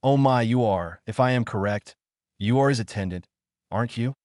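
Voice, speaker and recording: A man's voice: mid-range voice, normal speed, darkish tone, dry recording, studio quality, natural voice. A man voicing a scornful young princess who talks down to others in a condescending way. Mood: haughty.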